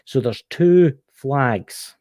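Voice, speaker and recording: A man's voice: mid-range voice, expressive, drawn-out words, mellow, no room sound. A Scottish man co-hosting a casual live stream, reading history aloud with stumbles and jokey mock outrage. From Scotland.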